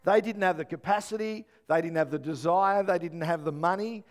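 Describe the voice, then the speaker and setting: A middle-aged man, preaching a sermon and telling family stories with animated, acted-out voices. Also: sits high, fairly quick. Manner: animated storytelling, acts out voices. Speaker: pastor.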